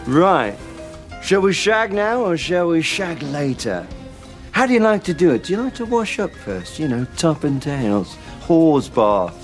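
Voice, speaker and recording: A man's voice: a little high, very animated, measured pace, soft background music. An actor playing a randy, cheeky male spy who delivers leering innuendo in a film scene.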